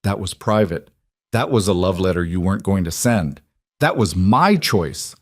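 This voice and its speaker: A man's voice: sits low, moderate pace, darkish tone, no room sound, clean studio sound, lightly acted. A man voicing an anxious, meddling woman who is careful at first and then blunt. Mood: insistent.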